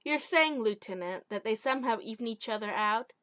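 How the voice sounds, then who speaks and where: A woman's voice: a little high, expressive, a little fast, fairly bright tone. A woman voicing a commanding alien captain in a self-read short story. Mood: questioning.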